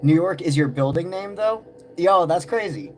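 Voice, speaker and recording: A man's voice: a little high, expressive, moderate pace, slight background noise. A man hosting a live-stream tarot session, greeting chat viewers by name in loose, friendly slang. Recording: music playing in the background. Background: music.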